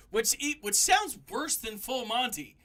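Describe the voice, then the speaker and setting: A young man hosting a casual review chat, animated and laughing, with lots of fillers like "um" and "like". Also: very high-pitched, slow. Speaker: podcast host.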